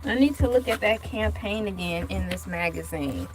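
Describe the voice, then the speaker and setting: A woman's voice: medium pitch, expressive, moderate pace, noisy background. A woman hosting a casual vlog, reading news aloud and breaking off for playful, joking asides. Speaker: vlog host.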